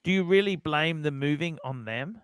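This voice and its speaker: Smooth-voiced man from Australia hosting a livestream. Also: on the high side, normal speed, fairly bright tone, no echo, clean studio sound. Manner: blunt, repeats "look" to steer the talk. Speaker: livestream host. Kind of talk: casual livestream chat, reading super chats.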